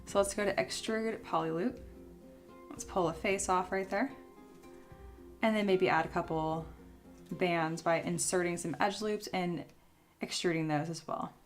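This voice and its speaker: A young woman hosting a casual sculpting livestream, chatty and answering viewers, her voice a little rough as she recovers from being ill. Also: fairly low pitch, steady tone, measured pace, long pauses, soft background music. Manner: chatty, reads chat aloud and answers. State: voice still recovering from illness.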